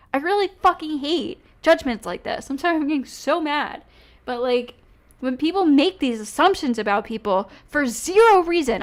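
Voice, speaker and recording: A young woman reacting on a livestream panel, ranting angrily and swearing constantly. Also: a little high. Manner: angry, profane ranting. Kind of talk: heated reaction commentary.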